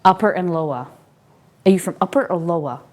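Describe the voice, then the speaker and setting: A woman's voice: on the low side, fairly quick. A woman streaming live, chatting casually with her viewers as she looks over a collection, curious and full of questions. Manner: curious, asks many questions, excited exclamations. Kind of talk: casual unboxing chat with viewers.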